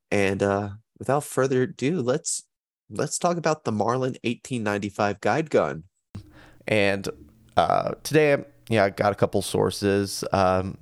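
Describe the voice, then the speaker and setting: Deep-voiced easygoing podcast host man. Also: no echo, clean studio sound. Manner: easygoing and chatty, jokes at his own expense. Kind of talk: casual podcast talk.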